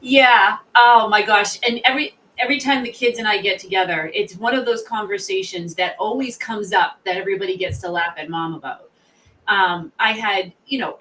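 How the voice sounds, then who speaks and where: Animated middle-aged woman telling a story. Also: medium pitch, far from the mic, slight background noise, low-quality recording. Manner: lively, animated storyteller acting out quotes. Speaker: guest, sales author and founder. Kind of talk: storytelling in a podcast interview.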